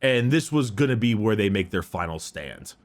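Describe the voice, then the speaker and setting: A man's voice: fairly low pitch, animated, moderate pace. A man casually retelling a story on a podcast, rambling with lots of fillers. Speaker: podcast host retelling lore.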